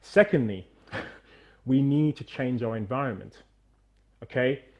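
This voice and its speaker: Man, middle-aged, movement coach, animated, encouraging, medium pitch, video call. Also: slow pace, muffled recording. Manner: animated, coaching, strains loudly on repeated counts. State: out of breath after exercise. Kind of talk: energetic guided demonstration.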